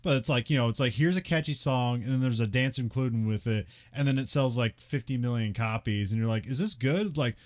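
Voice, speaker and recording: A man's voice: medium pitch, fairly quick, few pauses. A man co-hosting a podcast, recapping a movie in loose casual chat and laughing often. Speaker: podcast co-host. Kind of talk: casual film discussion.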